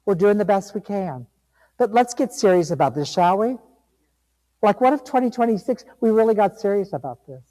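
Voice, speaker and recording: A man's voice: very high-pitched, big-room sound, rough recording. A man giving a sermon as a guest reverend, emphatic and conversational in a church sanctuary.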